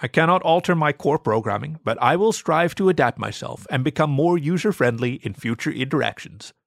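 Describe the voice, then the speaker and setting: A prim, precise alien transmogrifier gun, as a man puts it on, talking in stiff polite machine phrasing and lifting a little higher than his plain voice. the recording is dry and close, with no room sound at all. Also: expressive, fairly quick, creaky, no room sound. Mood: formal.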